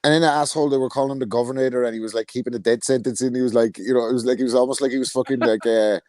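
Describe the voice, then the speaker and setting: Rambling, profane podcast co-host. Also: male voice, mid-range voice, steady tone, rapid-fire, darkish tone, no room sound. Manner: rambling, profane, laughing storyteller. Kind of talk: casual podcast banter.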